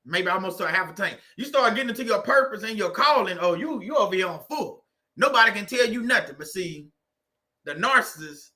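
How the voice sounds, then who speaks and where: A man with a high, sharp-toned voice hosts a faith-based livestream about narcissistic abuse. He delivers a motivational talk in a preachy, conversational way, repeating phrases for emphasis.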